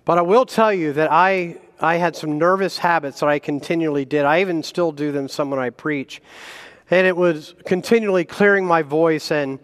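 A man preaching a sermon as a guest pastor, animated and self-deprecating, with chuckles between points. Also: fairly high pitch, normal speed, smooth, long reverb tail. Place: church sanctuary.

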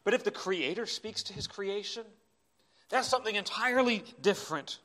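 A man preaching a sermon in a church, impassioned, swinging between urgent cries and quiet asides. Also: high voice, lively intonation, normal speed. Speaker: pastor.

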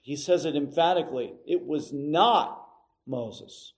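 A middle-aged man preaching a sermon, emphatic and measured, with dramatic pauses. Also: on the high side, a little mellow, rough recording. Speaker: pastor.

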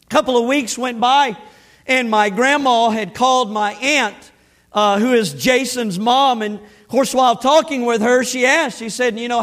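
A preacher delivers his sermon in a conversational tone, with a strikingly high-pitched male voice. He repeats and restarts his phrases as he talks the congregation through scripture and a story. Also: normal speed, fairly bright tone.

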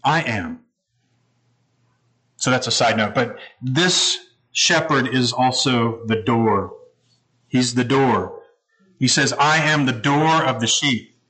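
A man's voice: medium pitch, takes it slowly, bright, forceful tone, low-quality recording. A man preaching a sermon, explaining scripture in a conversational, teaching manner. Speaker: pastor.

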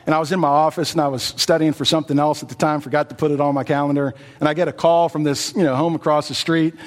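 A man's voice: fairly high pitch, little pitch movement, fast talker, in a large hall. A male pastor giving a sermon in a folksy, storytelling way with lots of "you know" fillers.

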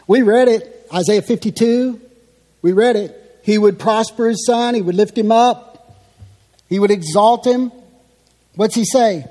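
A man preaching a sermon, teaching slowly and with emphasis as he works through a passage. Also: high voice, warm tone, in a large hall. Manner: slow, emphatic expository teaching.

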